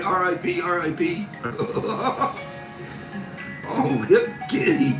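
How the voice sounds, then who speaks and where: High-voiced and expressive, the stream host talks very slowly with long pauses, reading viewer comments and laughing constantly in a giggly, teasing manner. He's on a phone camera in an echoey room, with music in the background.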